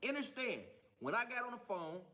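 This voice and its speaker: A man in a heated, profane monologue, defiant and ranting. His voice is high and bright with a sharp, forceful edge. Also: sing-song, fairly quick. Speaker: man telling his own story in a clip. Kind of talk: angry monologue.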